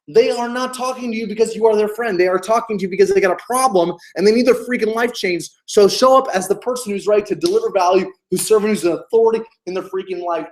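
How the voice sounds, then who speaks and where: A man's voice: high-pitched, fast talker, hardly any pauses. A man giving a motivational sales coaching talk, emphatic and hyped, repeating key phrases and swearing freely. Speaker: business coach.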